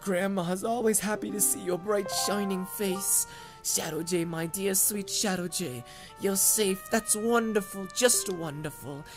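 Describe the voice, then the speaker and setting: A gentle, fretful old granny, as a man puts her on speaks in a slow, soft, doting voice that sits well above his own, with game music playing underneath. Recorded on a condenser mic. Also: sits high, voice pushed up. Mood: tender, remorseful. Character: kind, fretful old grandmother.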